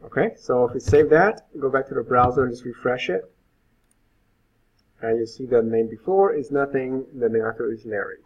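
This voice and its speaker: Male instructor, coding lesson, husky voice, phone-like tinny audio, casual fillers. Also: mid-range voice, moderate pace. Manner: informal, thinks aloud with fillers. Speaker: web instructor. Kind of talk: live coding lecture. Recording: phone-like lo-fi sound.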